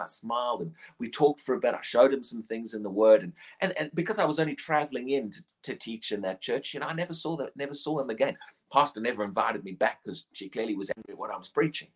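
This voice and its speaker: A man's voice: mid-range voice, husky. A middle-aged man preaching a sermon in an earnest way, often repeating words as he starts a sentence.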